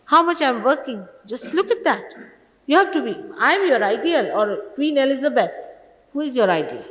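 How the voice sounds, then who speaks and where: A woman's voice: high voice, sing-song, moderate pace, a bit bright, big-room sound, a little hiss or hum, poor audio. A woman in her sixties, a spiritual teacher sternly scolding a gathering of followers with exasperated rhetorical questions, on an archival talk recording. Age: 60s.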